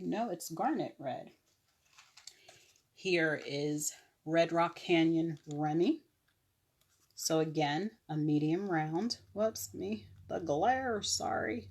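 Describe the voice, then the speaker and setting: A woman casually showing her nail products on a live stream, chatty, with fillers and quick self-corrections. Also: low-pitched, a little mellow, husky. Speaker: online nail seller.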